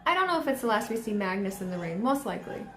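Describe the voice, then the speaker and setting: Hoarse-ish woman streamer just chatting away, lots of likes, echoey room w/ crowd noise in the back. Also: medium pitch, big pitch swings, racing. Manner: chatty, rambling, heavy use of "like". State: a bit hoarse. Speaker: streamer hosting a watchalong. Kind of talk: live casual reaction chat.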